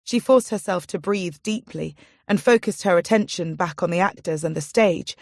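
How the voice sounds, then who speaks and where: A woman narrating a fantasy audiobook in a measured storytelling manner. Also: fairly low pitch, creaky, darkish tone, no echo, studio quality. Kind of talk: scripted narration.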